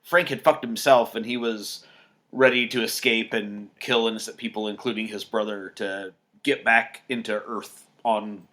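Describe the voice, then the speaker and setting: A podcast co-host with a lowish, steady, fairly bright voice chats casually at a normal speed, rambling with lots of fillers and restarting his sentences.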